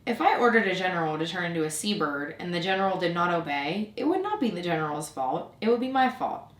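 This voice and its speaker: A woman's voice: fairly low pitch, sing-song, fast. Woman doing a pompous old king, commanding, majestic, kindly, storybook. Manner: grand, decreeing, majestic. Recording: roomy echo.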